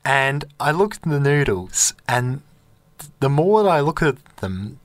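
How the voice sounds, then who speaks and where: A man co-hosting a radio show, telling a long story in a lively way and acting out the voices of its characters. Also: medium pitch, a little slow, no room sound. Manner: animated storyteller who acts out voices and laughs at his own tale. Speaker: radio co-host. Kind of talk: casual on-air storytelling. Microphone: studio microphone.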